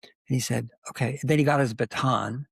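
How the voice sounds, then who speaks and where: A man's voice: medium pitch, a little fast, creaky, slightly rough, no room sound. An older man telling a long, rambling story as a guest in an interview, with many asides. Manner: rambling anecdotal storytelling, animated.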